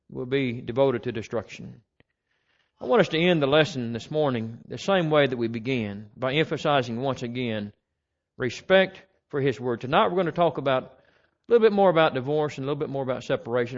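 A man preaching a Sunday sermon, his voice sitting a bit higher than most men's. He reads the scripture verses slowly and with mounting emphasis. The recording is muffled and lo-fi.

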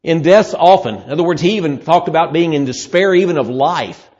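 Lively preacher with lo-fi sound. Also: male voice, fairly high pitch, fairly quick. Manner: lively, acts out voices in Bible scenes. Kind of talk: sermon. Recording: muffled lo-fi sermon recording.

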